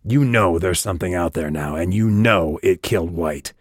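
A male audiobook reader voicing a gruff, cryptic hooded stranger with a sandblasted, gravelly voice and a dry, growling delivery. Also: sits low, moderate pace, no echo. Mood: intense.

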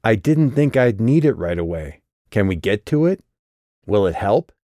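A curt, sarcastic young woman, read by a man in an audiobook, snapping back with clipped exasperation. Her voice sits only a little above a deep natural register. The recording is dry and close. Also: sing-song, moderate pace, mellow, no echo. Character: sharp-tongued, irritated young woman driver. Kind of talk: audiobook character reading.

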